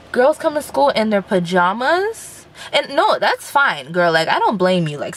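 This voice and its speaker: Young woman vlogger in her late teens, chatty and rambling, mid-range voice, talking from her car. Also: mid-range voice. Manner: rambling, chatty, filler-heavy. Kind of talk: casual car vlog rant. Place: inside a car.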